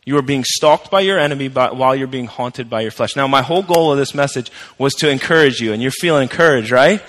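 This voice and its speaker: A man's voice: medium pitch, fast, a bit bright, big-room sound. A male pastor preaching a sermon in a conversational, emphatic way, repeating his key phrases.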